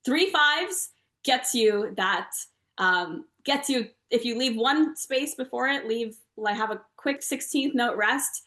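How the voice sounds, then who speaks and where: A woman composer and singer talks through her music in a relaxed interview, chanting rhythm syllables and counting beats out loud. She speaks over a video call from a room with a noticeable echo. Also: on the high side, slow pace. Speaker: guest composer and Carnatic singer. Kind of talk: conversational interview explanation. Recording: roomy echo.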